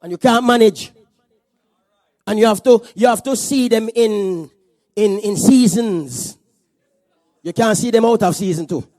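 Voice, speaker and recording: Brief: male pastor, very high voice, lively comic sermon delivery, dry close sound. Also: a little slow, long pauses, no room sound. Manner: animated, joking preacher. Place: church service.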